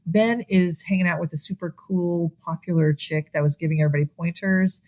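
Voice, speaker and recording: A woman co-hosting a podcast, casually recapping a horror film, acting out the characters' lines and laughing often. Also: on the low side. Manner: animated retelling, acting out lines in quick voices, laughs often. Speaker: podcast co-host. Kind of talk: casual movie recap chat.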